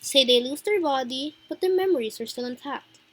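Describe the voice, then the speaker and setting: A mocking, theatrical mystery man, as a woman reads him, smooth and taunting. He sounds high for a man, and every question comes out as a cool, teasing challenge. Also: expressive, fairly quick, poor audio. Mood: probing.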